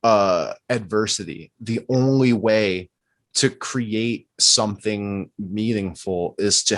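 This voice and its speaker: A man's voice: lowish voice, a bit bright, no echo. A man in casual podcast chat, musing aloud and posing rhetorical questions.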